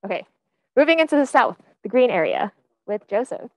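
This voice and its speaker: A woman's voice: on the high side, sing-song, a little fast, no room sound. Chatty young woman giving a class talk. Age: young adult. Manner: friendly and chatty, with many "um"s and small laughs. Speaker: teaching fellow presenting. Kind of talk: informal class presentation.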